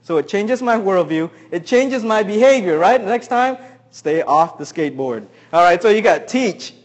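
A man preaching a sermon, who keeps asking the congregation questions and swings between loud emphasis and quiet asides. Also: high voice, lively intonation, normal speed. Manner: asks the audience many questions. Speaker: pastor.

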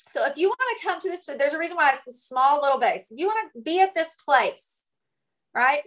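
A woman with a high, bright voice delivers a motivational coaching talk. She is emphatic, presses each point home, and keeps asking her listeners "right?". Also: low-quality recording. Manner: emphatic, peppered with "right?" tags. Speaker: business coach.

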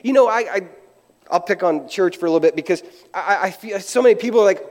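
A man's voice: sits high, quick pace, darkish tone, long reverb tail. A male pastor preaching in a conversational way, acting out quotes and restarting his sentences. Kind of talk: sermon.

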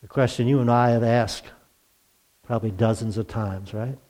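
A man's voice: medium pitch, fairly even intonation, moderate pace, darkish tone. A male pastor preaching a sermon in a conversational way, asking rhetorical questions. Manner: conversational, asks rhetorical questions, acts out quotes.

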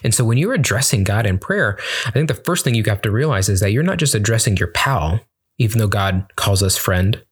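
A man's voice: fairly low pitch, animated, a little fast, slightly rough. A young man giving an earnest, conversational Bible teaching on prayer, with many fillers and restarts. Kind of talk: casual teaching talk on prayer.

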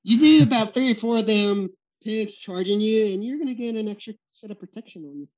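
A man, a guest on a podcast, telling hunting stories in a lively way, often laughing and acting out what people said. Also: sits high, a little fast. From Texas. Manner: animated, laughs often, acts out quotes. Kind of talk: storytelling in a podcast interview. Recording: muffled lo-fi recording.

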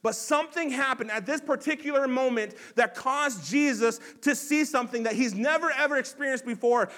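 A man with a notably high voice preaches a sermon as pastor. His delivery is earnest, dropping to hushed reflection and then rising into emphatic, raised passages.

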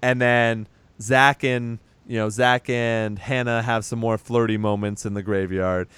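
A man's voice: medium pitch, fairly even intonation, a little slow, a bit bright, clean tone, no room sound. A man casually retelling a movie's plot on a podcast, acting out the characters' lines and laughing along. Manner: rambling retelling with acted-out quotes and laughs. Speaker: podcast co-host recapping a movie. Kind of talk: casual chat.

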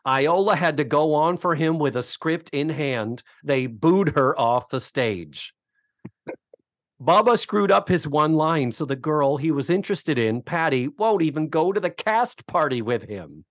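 A man co-hosting a podcast recaps a TV episode in animated, casual storytelling. His voice sits on the higher side and is recorded dry, with no room sound. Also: a little slow, dry recording. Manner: animated storytelling, acts out quotes. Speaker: podcast co-host.

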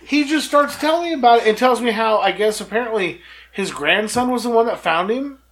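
A man's voice: extremely high pitch, expressive, a little fast, a bit bright, low-quality recording. A man co-hosting a casual podcast chat, telling a story with lots of swearing. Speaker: podcast co-host.

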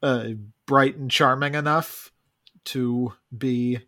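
A man's voice: mid-range voice, fairly even intonation, slow pace, sharp tone. A man in a casual movie discussion, talking hesitantly with hedges and restarts. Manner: hesitant, hedging, frequent restarts.

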